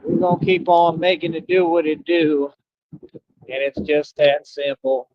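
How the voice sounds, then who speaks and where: A man's voice: a little high, fairly even intonation, a little slow, a little mellow, no echo, muffled recording. A man hosting a casual livestream, laid-back and teasing, repeating his phrases and laughing often. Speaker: livestream host.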